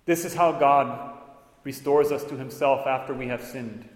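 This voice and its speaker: A man's voice: medium pitch, a little slow, long pauses. Preaching man in an echoey hall. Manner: earnest preaching with wry asides. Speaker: priest. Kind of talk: sermon. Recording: echoey hall with long reverb.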